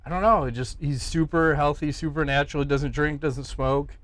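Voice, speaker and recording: A middle-aged man hosting a podcast, telling stories in casual chat, animated and swearing freely as he acts out the people he quotes. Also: a little high, brisk, no echo. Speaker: podcast host.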